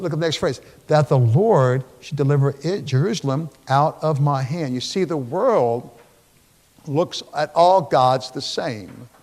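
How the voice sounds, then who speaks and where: Gravelly-voiced man preaching in a church. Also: medium pitch, darkish tone. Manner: conversational, emphatic, checks in with "okay?". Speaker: pastor. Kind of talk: Bible study sermon. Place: church sanctuary. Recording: long reverb of a church hall.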